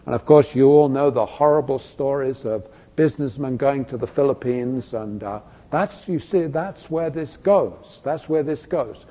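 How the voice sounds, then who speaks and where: A man's voice: fairly high pitch, a little mellow. Emphatic male preacher in an echoey church. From Britain. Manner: emphatic, repeats "you see", rhetorical questions. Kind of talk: sermon. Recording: echoey hall, long reverb.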